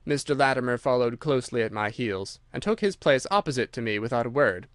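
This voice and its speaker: Male audiobook narrator, mid pitch, measured delivery, dry close recording. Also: dry recording. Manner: measured, steady storytelling. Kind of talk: scripted narration.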